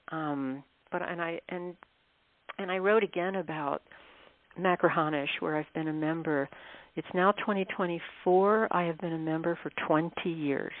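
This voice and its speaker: A woman with a low voice chats as a guest author, spinning travel stories and laughing easily. She comes through a narrow, tinny phone line with a dry, close sound. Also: steady tone, unhurried, no room sound. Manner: chatty, laughs often, clears throat. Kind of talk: casual interview storytelling.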